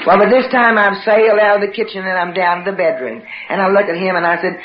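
A woman's voice: medium pitch, fast talker, few pauses. A woman telling a personal story to a live audience, dramatically acting out the voices of her family. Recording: roomy, dull recording with background noise.

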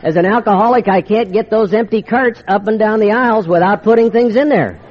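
Speaking to a recovery meeting, a wry, confiding older man tells his own story, acting out the voices of old arguments. His voice is a little high for a man and a little fast, captured on a dull, lo-fi recording like an old tape with a slight hiss or hum.

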